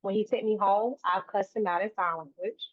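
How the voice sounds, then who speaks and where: A woman's voice: mid-range voice, steady tone, brisk, no echo. Earnest woman on a tinny line. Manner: earnest, run-on sentences with frequent restarts. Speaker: guest, autism advocate. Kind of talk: conversational interview. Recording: dry, tinny phone-like line.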